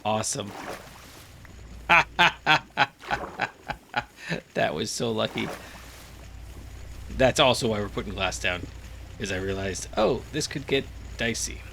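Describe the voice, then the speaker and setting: The voice is fairly low, creaky, and a bit bright, with slight background noise. A gaming channel host, groggy after napping, casually muses while playing, his Let's Play chatter rambling and packed with fillers.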